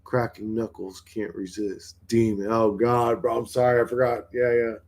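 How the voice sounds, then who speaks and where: Guy on his own livestream just rambling, swears constantly, super blunt, normal middle pitch. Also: level tone, normal speed, a little mellow. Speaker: livestream host.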